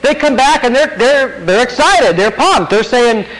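A man preaching a sermon, animated, acting out quotes and asking the congregation questions. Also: extremely high pitch, measured pace, rough recording.

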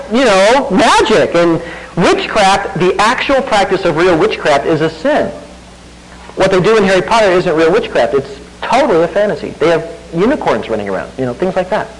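A man pastor gives a sermon in a relaxed, talky way, tossing rhetorical questions to his listeners. His voice sits fairly high and swings up and down a lot. A faint hum runs underneath. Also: normal speed, poor audio. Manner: conversational preaching with rhetorical questions and self-deprecating laughs.

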